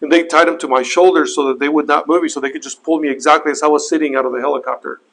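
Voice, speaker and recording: A man with a slightly higher voice tells a personal story. He talks earnestly and haltingly, often repeating words and restarting his sentences as he goes. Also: fairly even intonation, a bit bright, poor audio. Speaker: helicopter flight instructor telling his crash story. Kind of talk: personal account, spoken testimony.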